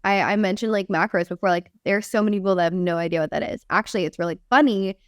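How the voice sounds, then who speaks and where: A woman in her twenties, a fitness coach and company founder, chatting casually and quickly in a podcast interview, often laughing. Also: medium pitch, clean tone, no room sound, studio quality.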